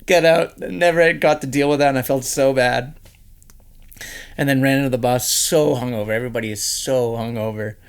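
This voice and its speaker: A man from Canada, a podcast guest telling stories in casual chat, animated and laughing often. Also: mid-range voice, fairly quick, clean tone. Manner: animated storyteller who laughs often and puts on quoted voices.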